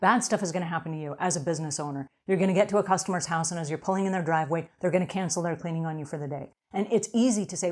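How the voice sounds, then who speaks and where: A woman's voice: on the low side, racing, few pauses, darkish tone. A middle-aged woman giving an earnest motivational talk to cleaning business owners, often checking in with "okay?".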